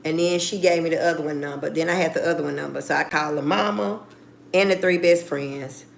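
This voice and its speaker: Gravelly low-voiced woman telling a story. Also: steady tone, a little fast, a little hiss or hum. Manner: blunt, profane, acts out phone calls. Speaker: vlogger. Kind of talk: casual storytelling.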